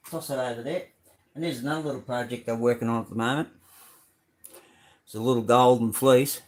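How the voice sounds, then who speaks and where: A middle-aged Australian man hosting a casual live stream, rambling through his model car builds with many ums and greeting viewers by name. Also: mid-range voice. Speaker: live stream host showing model cars.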